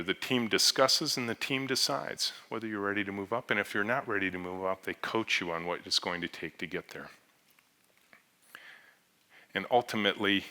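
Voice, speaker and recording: A man's voice: low-pitched, sharp tone. A man, a company CEO, giving a conference talk on stage, telling stories and voicing the people in them. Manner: earnest storyteller, voices the people in his anecdotes. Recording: long hall reverb.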